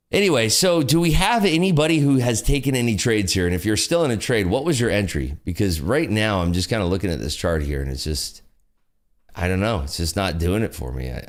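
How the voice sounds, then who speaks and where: Very deep-voiced laid-back male streamer. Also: gravelly. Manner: rambling, laid-back, lots of fillers. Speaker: futures trading livestream host. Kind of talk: casual livestream commentary.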